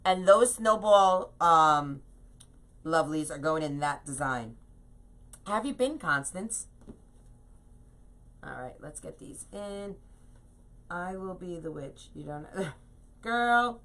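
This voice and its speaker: Bright, chatty woman craft host. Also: on the low side, takes it slowly, pauses often, a little hiss or hum. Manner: chatty and animated, laughs at herself. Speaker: craft host teaching wreath making. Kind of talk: live craft tutorial, reading viewer comments.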